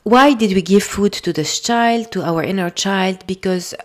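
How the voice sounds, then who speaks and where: A woman with a French accent, hosting a podcast and talking things through in a gentle, thoughtful way with frequent fillers and restarts. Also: medium pitch, unhurried. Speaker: podcast host. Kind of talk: casual solo podcast talk.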